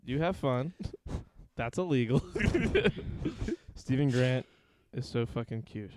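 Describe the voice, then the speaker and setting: A man's voice: mid-range voice, sing-song, slow pace, noisy background. A man hosting a casual podcast chat, blunt and easily exasperated, swearing freely. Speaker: podcast host.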